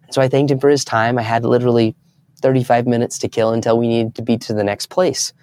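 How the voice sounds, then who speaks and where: A man's voice: mid-range voice, little pitch movement, quick pace, a little mellow, no echo. Earnest young man telling a story, dry sound. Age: young adult. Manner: earnest storyteller, acts out quoted voices. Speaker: guest speaker. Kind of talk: storytelling in an interview.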